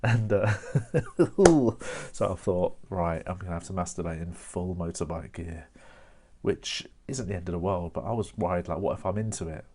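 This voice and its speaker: A young man with a low, slightly mellow voice performs stand-up storytelling at home for a camera, with no audience responding. His delivery is chatty: he laughs at his own jokes and scatters in "mate" and "innit."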